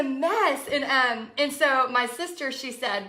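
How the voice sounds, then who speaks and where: Texan lady chatting on a livestream, bright voice, a bit high, laughs a lot. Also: slow pace. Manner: chatty, laughs often, reads out viewer comments. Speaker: art business coach host. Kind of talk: casual livestream chat.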